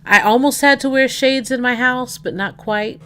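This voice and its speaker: A woman hosting a livestream in casual chat, rambling and thinking out loud with plenty of fillers. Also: fairly high pitch, moderate pace, clean tone. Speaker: livestream host.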